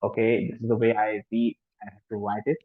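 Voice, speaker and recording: A man's voice: on the low side, flat delivery, brisk, husky, no room sound. A man with an Indian English accent gives an informal lecture as a French language teacher, hesitant, with many fillers and restarts. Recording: tinny phone-like sound, dry.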